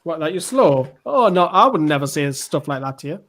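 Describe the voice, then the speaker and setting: A man's voice: on the high side, big pitch swings, a little fast, a bit bright. A man on a casual fan chat, teasing his co-hosts.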